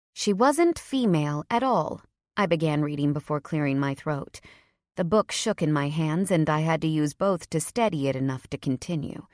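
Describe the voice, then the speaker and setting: Lowish-voiced woman reading romance. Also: dry recording, studio quality. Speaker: audiobook narrator. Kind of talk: first-person romance narration.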